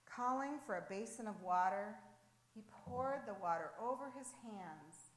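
Woman, devotional reader, earnest dramatic storytelling, leads prayer, unhurried, echoey room. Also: mid-range voice, animated. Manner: earnest, slow, dramatic reading. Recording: roomy echo.

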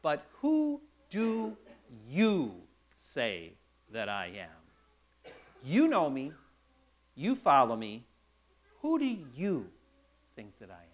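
A preacher voicing a solemn, calm Jesus. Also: male voice, fairly high pitch, slow, long pauses, dull audio, voice pushed down, full character voice. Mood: searching. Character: Jesus, calm grown man teacher questioning followers.

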